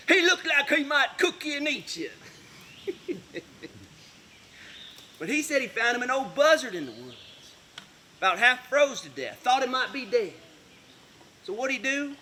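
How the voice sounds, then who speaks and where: A man's voice: extremely high pitch, very animated, moderate pace, long pauses, pushed and bright, slight background noise, exaggerated voice. An actor, playing a down-on-his-luck veteran in a dramatic monologue. He rambles in a folksy drawl and swings from jokes to raw bitterness. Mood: gentle storytelling.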